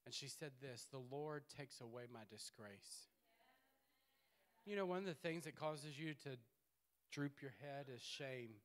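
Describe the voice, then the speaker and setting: A man preaching a sermon in a playful, animated way, swinging between loud bursts and hushed asides. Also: mid-range voice, a little slow.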